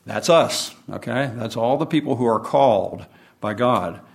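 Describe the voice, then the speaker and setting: A man's voice: mid-range voice, creaky. Man teaching a Bible study sermon. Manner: unhurried teaching, reads and explains scripture. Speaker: preacher.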